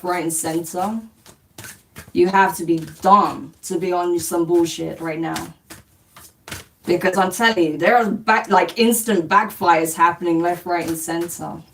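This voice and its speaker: A woman hosting a spiritual live stream, chatting casually as she reads out comments, blunt and dismissive, swearing and laughing often. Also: fairly low pitch. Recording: distant mic with faint background noise.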